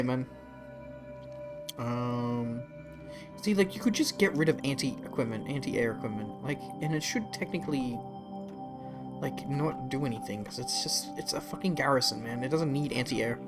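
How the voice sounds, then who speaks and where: A man's voice: mid-range voice, moderate pace. Guy on a live game stream, swears a lot, chill mid voice, faint music. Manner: casual, profane, talks to chat.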